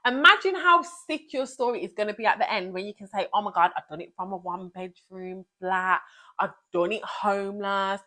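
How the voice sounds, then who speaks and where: A young woman, a vlogger and teacher, giving a motivational talk to camera in an energetic, emphatic way, often repeating key phrases. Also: medium pitch, fairly quick.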